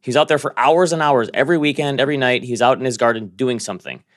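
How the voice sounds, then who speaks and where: A man hosting a casual finance podcast, talking in a quick, joking, conversational way and telling stories. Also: mid-range voice. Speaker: podcast host.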